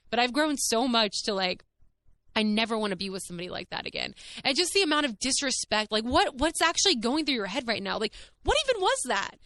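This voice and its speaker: Frank woman podcaster, bright tense voice, dry close sound, chatty and animated. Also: medium pitch, dry recording. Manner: frank, animated, heavy use of "like"; swears casually. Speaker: podcast host. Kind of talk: candid casual storytelling.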